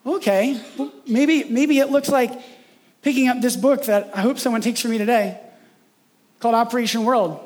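A man preaching a sermon in a casual, conversational way, often tagging "right?" and slowing down for emphatic points. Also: very high voice, a little mellow. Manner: conversational, frequent "right?" tags, acts out imagined voices. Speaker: pastor.

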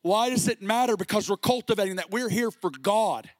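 A middle-aged man preaching a sermon with passion, sometimes rising to a shout. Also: sits high, a little fast, no echo. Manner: impassioned, rising to shouts at peaks.

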